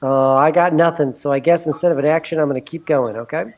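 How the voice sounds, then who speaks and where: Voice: medium pitch, fast talker. A player in a live tabletop game, counting squares and asking the game master questions. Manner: lively, counting out moves. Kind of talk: casual game talk.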